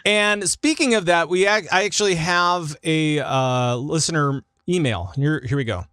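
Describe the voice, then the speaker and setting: A man hosting a podcast in casual chat, lively and jokey, from Minnesota. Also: on the high side, moderate pace, smooth. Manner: lively, jokey, breaks into big laughs. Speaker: podcast host.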